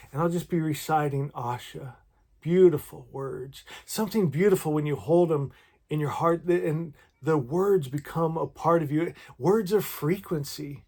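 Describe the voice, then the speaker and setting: A man talking warmly to his viewers and reading devotional poems aloud in a gentle, emotional, effusive way. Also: on the high side. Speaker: spiritual vlogger. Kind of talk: heartfelt talk and poetry reading to viewers.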